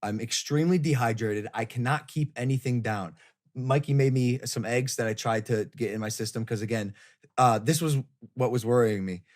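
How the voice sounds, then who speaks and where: A man hosts a loose podcast chat from a hotel room while on the road. He tells his story in an animated way and swears freely. His voice sits at an ordinary mid pitch. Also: moderate pace. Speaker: podcast host. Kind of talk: casual chat.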